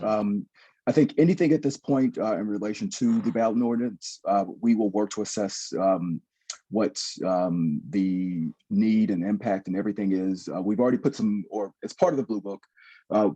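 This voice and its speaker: Dark, husky-voiced male official. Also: low voice, dull audio. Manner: careful and measured, with many fillers. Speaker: city official. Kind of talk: answering a question at a public meeting.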